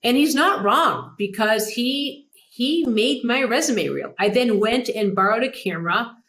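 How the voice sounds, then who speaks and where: A middle-aged woman hosting a podcast and telling career stories in a relaxed, animated way. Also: measured pace. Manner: animated, mimics others in a higher pitch. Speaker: podcast host. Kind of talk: casual storytelling chat.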